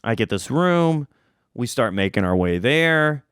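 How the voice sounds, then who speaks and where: A young man spins a comic tale as a podcast host, his pitch bouncing high and low as he goes. He rambles, restarts and swears freely. The sound is dry and close. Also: sing-song, measured pace, a bit bright, clear, resonant tone, dry recording. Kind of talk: casual comedic storytelling.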